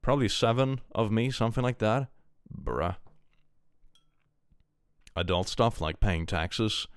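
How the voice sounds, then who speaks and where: A man from Sweden with a Swedish accent, streaming casually and reading viewer messages, jokey and animated, swearing freely and swinging between mock gloom and excitement. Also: fairly low pitch, slow, clear, resonant tone, dry recording, clean studio sound.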